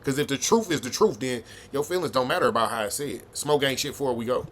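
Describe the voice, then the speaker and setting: A man's voice: mid-range voice, fast talker, fairly bright tone, a little hiss or hum. A man hosting a reaction video, giving blunt, profane, heated commentary.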